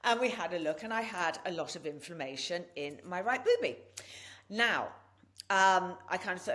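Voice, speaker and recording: A woman guest on a podcast interview, telling her own story in a candid, blunt and animated way, swearing freely. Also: fairly low pitch, normal speed. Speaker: podcast guest and wellness practitioner.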